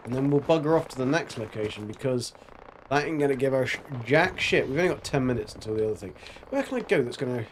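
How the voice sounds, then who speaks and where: A man's voice: medium pitch, a little hiss or hum. A man streaming a video game, chatting casually and rambling with jokes and silly sound effects. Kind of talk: casual gameplay commentary.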